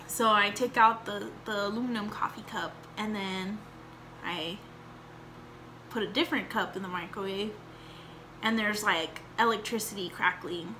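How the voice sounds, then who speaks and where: A woman's voice: mid-range voice, fairly even intonation, measured pace, sharp tone, slight background noise. A young woman telling a rambling story and chatting in a casual home vlog, with lots of fillers and acted-out quotes. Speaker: vlogger.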